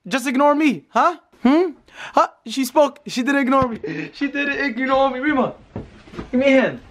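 A man's voice: extremely high pitch, moderate pace, a bit bright. Playful young man vlogging to camera. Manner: playful, teasing, talks to camera and kids. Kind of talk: casual prank vlog.

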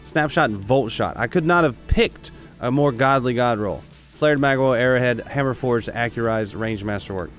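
A man giving casual, rambling, excitable commentary as he streams a video game and talks to his chat. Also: medium pitch, moderate pace, hardly any pauses, faint music behind.

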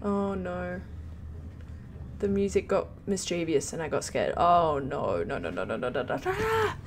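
Excitable woman playing a video game. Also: fairly low pitch, a little slow, slight background noise. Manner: excitable, panicky, given to squeals and repeated exclamations. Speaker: gameplay host. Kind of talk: let's play commentary.

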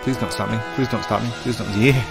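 A man's voice: medium pitch, fairly even intonation, quick pace, creaky. A man chatting through a let's play, talking to viewers as he plays, with game music behind. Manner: chatty, talks to viewers while playing. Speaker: gaming channel host.

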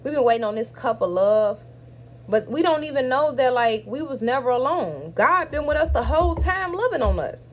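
A woman giving a spiritual tarot reading, speaking emphatically and straight to her viewers, stretching out key words between quicker asides. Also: high voice, expressive, highs cut off, a little hiss or hum. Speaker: tarot reader.

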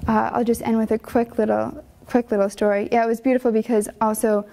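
Young nun telling her calling story, heartfelt, lots of um and like, kinda gravelly voice. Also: fairly high pitch, level tone, fairly quick, mellow. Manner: earnest, conversational, many fillers; emotional storytelling. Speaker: religious sister. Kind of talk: personal vocation testimony.

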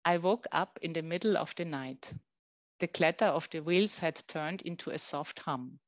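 A woman's voice: low-pitched, normal speed, no room sound, muffled recording. A middle-aged woman reading her own comics aloud and commenting, in non-native English with small slips and hesitations.

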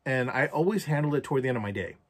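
A man's voice: mid-range voice, lively intonation, rapid-fire. A man recounting a personal story for a journal vlog, candid and reflective, with casual swearing. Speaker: vlogger.

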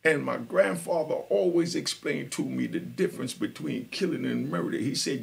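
Gravelly man telling street stories. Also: on the high side, normal speed, few pauses. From Jamaica. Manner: street-talk storytelling, keeps asking "you understand?". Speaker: podcast host. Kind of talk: storytelling on a live stream.

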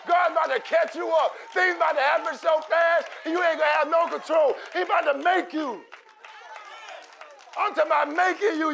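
A pastor delivers a fiery sermon, pushing his voice up high and rough. His tone has a raspy, gravelly edge, and a congregation murmurs faintly in the church behind him. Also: slight background noise. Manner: preaching with shouted, call-and-response exhortation. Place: church sanctuary.

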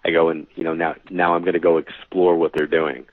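On a dry, tinny, phone-like recording, a low-pitched man speaks briskly. He's a New York psychic medium in his forties, a guest in a casual storytelling interview, animatedly acting out the dialogue.

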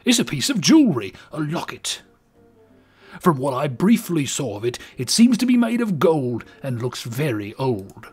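A man's voice: a little high, sing-song, normal speed, darkish tone. A man putting on an earnest British husband. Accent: bad put-on British accent. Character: eager male mudlark husband, fond of old pipes.

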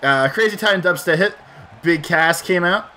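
Man, let's play host: bright, tense, slightly high voice, rambling and foul-mouthed. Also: normal speed. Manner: rambling and profane, thinking aloud. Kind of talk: casual commentary while gaming.

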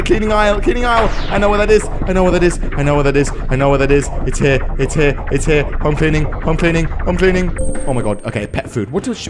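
Frantic high-pitched gamer man. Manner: frantic, swearing, panicky self-talk. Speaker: gaming video host. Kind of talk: let's play commentary. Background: game music.

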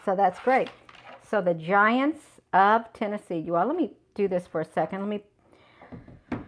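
A woman's voice: mid-range voice, unhurried, a little hiss or hum, low-quality recording. A middle-aged woman hosting a casual livestream from the woods, chatting with viewers and reading aloud, and she keeps saying "you all". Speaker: livestream host. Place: outdoors in the woods. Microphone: clip-on mic with cord.

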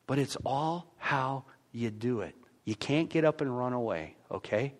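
A man's voice: mid-range voice, lively intonation, a little slow. A man pastor with an American accent, preaching a conversational sermon in a church with frequent stammered restarts.

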